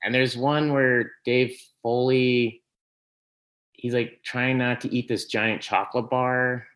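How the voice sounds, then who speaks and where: A man, a podcast guest, telling stories in casual conversation, animated and laughing often. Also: mid-range voice, slow. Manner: animated storytelling, laughs often, trails off and restarts.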